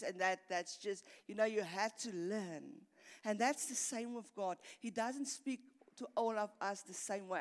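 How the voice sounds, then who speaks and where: Middle-aged woman pastor, earnest preacher who repeats herself as she builds, mid-pitched, church hall reverb. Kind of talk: sermon.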